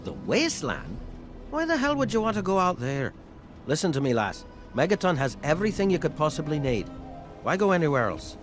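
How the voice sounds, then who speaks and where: A scheming Irish saloon owner, sardonic and wheedling, his voice swooping wildly from low growls to high teasing notes. He sits a little above the usual male register, with clear game music playing underneath. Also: huge pitch swings, brisk. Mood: sly. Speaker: game character.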